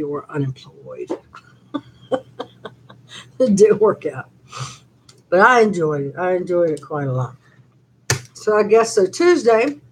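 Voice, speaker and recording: An older woman hosts a casual live-stream chat on her channel, rambling through stories packed with fillers. Her medium-pitched voice has a breathy edge, and the audio is poor.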